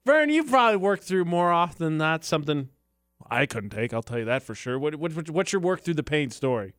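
A man co-hosting a radio show, chatting casually and telling animated, joking stories. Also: a little high, brisk, no room sound, clean studio sound. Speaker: radio co-host.

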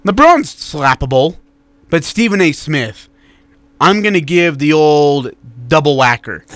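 Blunt, animated male sports radio co-host. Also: a little high, unhurried, no echo. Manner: animated, blunt, reads listener texts aloud. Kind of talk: casual sports talk radio banter.

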